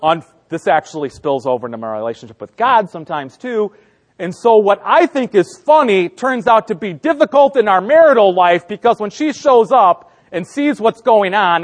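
A man in his thirties preaching a sermon, telling a family story and acting out his family's lines with frequent laughter. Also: sits high. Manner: laughing often through the story. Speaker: pastor.

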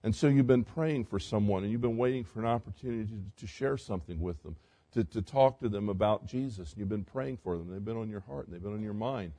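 A pastor preaching a sermon, swinging from loud emphatic passages to quiet, conversational asides and direct questions to the congregation. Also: male voice, fairly low pitch, quick pace.

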